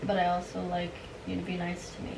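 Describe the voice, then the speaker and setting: A chatty woman talks candidly as a podcast guest, her sentences full of "like." She sounds far off in a roomy, echoey space, with a clear hiss running underneath. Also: fairly low pitch, monotone, fast, a little mellow. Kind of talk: casual chat. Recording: echoey room, distant mic, hiss.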